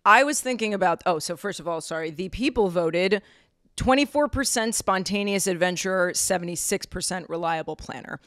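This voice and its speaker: A woman's voice: lowish voice, expressive, moderate pace, fairly bright tone, no echo, studio quality. A woman co-hosting a podcast in casual, chatty and self-mocking talk. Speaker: podcast co-host. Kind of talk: casual chat.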